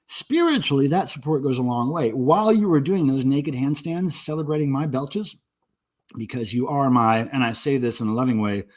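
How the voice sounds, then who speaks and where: A man's voice: on the high side, a little mellow. A man in his forties hosting a casual livestream, drinking beer and joking crudely with viewers in the chat. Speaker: livestream host.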